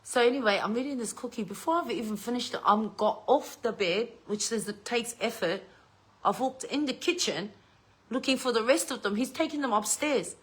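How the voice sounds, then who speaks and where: A woman's voice: a little high, moderate pace. A middle-aged woman with an Australian accent, telling a home story to her viewers in a chatty way and swearing freely. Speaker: vlogger.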